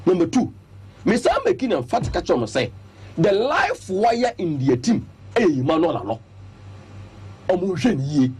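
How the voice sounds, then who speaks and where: A man's voice: sits high, moderate pace, long pauses, slightly rough. A man with a Ghanaian accent giving emphatic sports analysis on a radio show, laying out his points one by one. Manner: animated, emphatic, lists points. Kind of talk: radio sports talk, Twi-English mix. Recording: radio studio broadcast.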